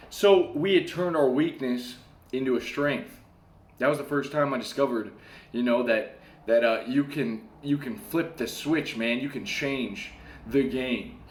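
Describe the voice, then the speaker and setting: A young man in a casual storytelling monologue, animated, swearing casually and acting out the voices of people in his story. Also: on the high side, normal speed, slight background noise. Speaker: self-help talker. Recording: echoey room.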